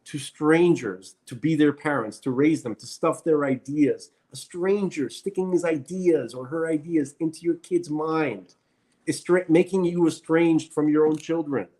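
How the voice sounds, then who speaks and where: A man's voice: on the high side, a little slow, darkish tone. Blunt ranting man. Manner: blunt, ranting, emphatic repetitions. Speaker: podcast co-host. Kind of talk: casual opinionated chat.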